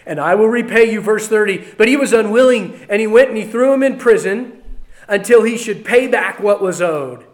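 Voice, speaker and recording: A male preacher giving a sermon, reading scripture aloud and commenting on it in a conversational way, swinging between loud emphasis and quiet asides. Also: high-pitched, moderate pace.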